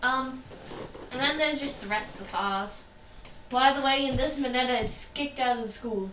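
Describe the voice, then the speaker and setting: High-voiced woman telling a fan story. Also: normal speed, fairly bright tone. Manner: rambling, chatty, laughs often. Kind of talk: casual fan story role-play chat. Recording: echoey room, distant mic, faint noise.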